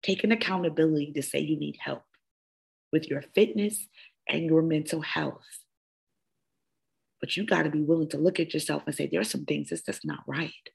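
Speaking at a normal speed with vocal fry and frequent pauses, a low-voiced woman delivers a passionate, emotional motivational monologue on her wellness podcast. As host and coach, she leans heavily on repeated phrases.

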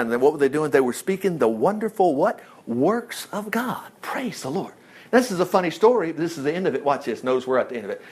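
A man preaches a sermon in a voice a little higher than most men's. He tells the story in a folksy, conversational way, and his pitch and loudness swing widely, from loud exclamations down to quiet asides. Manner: animated storytelling preacher, jumps between whispers and loud exclamations. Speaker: pastor.

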